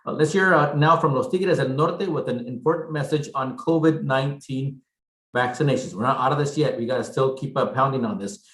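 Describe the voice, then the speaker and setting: A man's voice: medium pitch, brisk, a bit bright, roomy sound, low-quality recording. A man hosting an online gala, casual and upbeat, thanking guests loosely with fillers. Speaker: event host.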